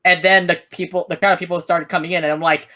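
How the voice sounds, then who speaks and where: A man's voice: sits high, little pitch movement, fast, sharp tone. A man chatting as a podcast guest, easygoing as he recounts memories. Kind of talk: casual chat.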